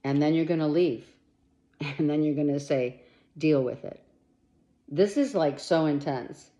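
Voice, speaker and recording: A woman's voice: low voice, normal speed, mellow. A woman giving a monthly tarot reading straight to the listener, blunt and emphatic, swearing freely and urging them on. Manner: talks straight to the listener with urgent reassurance. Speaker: tarot reader.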